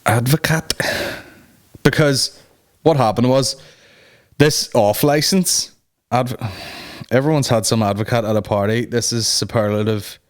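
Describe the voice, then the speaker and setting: A man's voice: mid-range voice, fairly even intonation, measured pace, long pauses. A man hosting a comedy podcast, rambling through a casual rant and swearing constantly.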